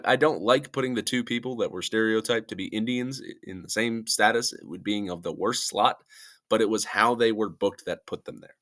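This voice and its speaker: A man's voice: lowish voice, a bit bright. A young man YouTuber giving casual, rambling commentary and laughing at himself as he goes.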